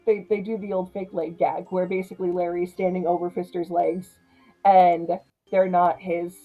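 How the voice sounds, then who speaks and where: A young woman casually recapping a horror comedy, chatty and animated, laughing often. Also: on the low side, normal speed, soft background music, rough recording. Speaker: film reviewer.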